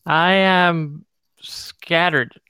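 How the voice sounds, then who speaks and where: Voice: medium pitch, steady tone, very slow, pushed and bright, clear, resonant tone, no room sound. A host of a casual radio show talking in a loose, wry, playful way. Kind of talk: casual chat.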